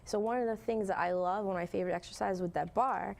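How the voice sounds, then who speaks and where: A woman with a mid-pitched voice, a fitness trainer co-hosting the show, talks casually and brightly about exercises. She walks the audience through each move and keeps an easy, chatty tone. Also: steady tone, fast talker, vocal fry. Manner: upbeat, explains exercises to the audience. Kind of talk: casual talk-show explanation.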